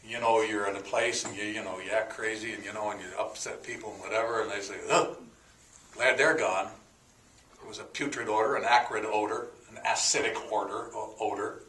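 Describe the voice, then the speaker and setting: A man's voice: fairly low pitch, level tone, fast talker, few pauses, fairly bright tone, recorded from a distance, slight background noise. A man teaching a sermon, explaining words one by one in a folksy way with fillers and a joke. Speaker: pastor. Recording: echoey room, voice from off the mic.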